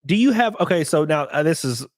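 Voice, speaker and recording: A young man hosting a podcast, chatting casually with a guest, excitable and quick to joke and swear. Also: on the high side, no echo, studio quality. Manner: excitable, swears a lot, jokes with mock voices. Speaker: podcast host. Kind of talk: casual chat.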